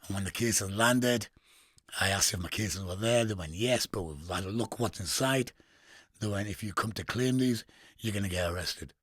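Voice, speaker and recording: A lowish, fairly bright voice at normal speed belongs to a middle-aged English guest with a Geordie accent, swapping crude tales in a casual interview. He swears and laughs a lot, drops street slang, and is recorded dry at studio quality.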